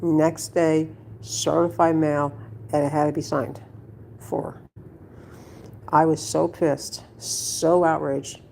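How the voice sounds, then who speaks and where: Low, gravelly-voiced woman ranting. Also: little pitch movement, slow, pauses often, darkish tone, slight background noise. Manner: blunt, swearing, rambling with restarts. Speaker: vlogger. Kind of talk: casual storytelling to camera.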